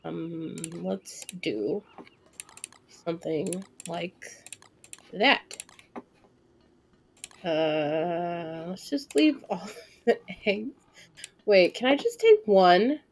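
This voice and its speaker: A woman in her twenties streaming live gameplay commentary, chatting and thinking aloud, with sudden excited squeals and casual swearing. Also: fairly low pitch, extremely slow, gravelly, long pauses, slight background noise.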